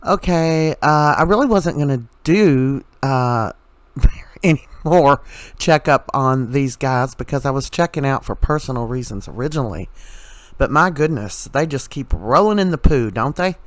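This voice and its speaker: A man's voice: medium pitch, lively intonation, measured pace, no echo. A man hosting a casual commentary vlog, ranting in a sarcastic and exasperated way. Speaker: commentary channel host.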